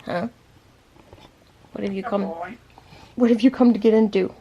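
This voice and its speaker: A woman's voice: medium pitch, fairly even intonation, normal speed, warm tone, breathy edge, muffled recording. A woman vlogger chatting playfully to her pet parrot in teasing baby-talk, laughing often.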